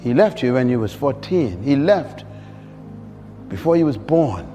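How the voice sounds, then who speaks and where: A middle-aged man preaching a sermon in call-and-response style, building to high emphatic peaks. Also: sing-song, unhurried, dark tone. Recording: long hall reverb with faint music.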